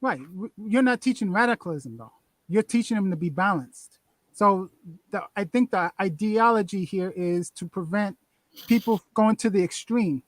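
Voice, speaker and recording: Guy with a high voice pushing back with questions, dry sound. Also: expressive, moderate pace, no echo. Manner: questioning, pushes counterpoints. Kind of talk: casual discussion.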